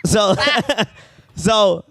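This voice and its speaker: A man co-hosting a podcast, telling a long story in a rambling, profane, animated way. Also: high voice, extremely slow, gravelly, background noise. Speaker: podcast co-host. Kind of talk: casual storytelling chat.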